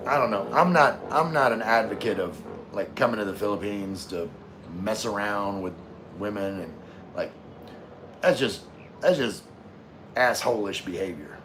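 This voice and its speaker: A man's voice: fairly low pitch, a bit bright, a little hiss or hum. A man hosting a casual live stream, reading viewer comments aloud in an easygoing way with frequent laughs. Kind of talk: casual livestream chat.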